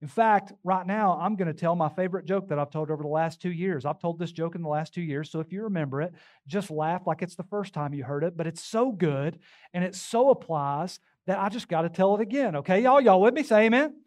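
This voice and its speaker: A man's voice: a little high, a little fast, darkish tone. A man preaching a sermon as pastor, emphatic and calling out to the congregation.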